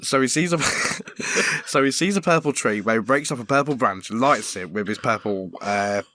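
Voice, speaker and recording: A man's voice: medium pitch, normal speed, bright, forceful tone, a little hiss or hum. A middle-aged man, a podcast co-host, telling a long comic shaggy-dog story to his friends and laughing through it. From Britain. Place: garage.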